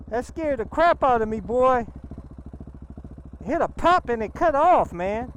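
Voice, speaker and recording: A man talking casually on a motorcycle ride, excitable and slangy, often breaking into exclamations. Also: very high-pitched, slight background noise. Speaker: motorcycle vlogger. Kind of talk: casual riding vlog. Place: outdoors on a motorcycle.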